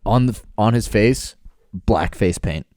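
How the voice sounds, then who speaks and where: A man's voice: fairly low pitch, slow pace, mellow. A man co-hosting a podcast in casual chat, joking crudely and laughing often. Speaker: podcast co-host.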